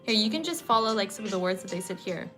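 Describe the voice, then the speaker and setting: A woman's voice: medium pitch, expressive, quick pace, a bit bright, soft background music. A woman co-hosting a casual livestream chat, playful and giggly, trying out silly accents as she talks. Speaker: livestream co-host.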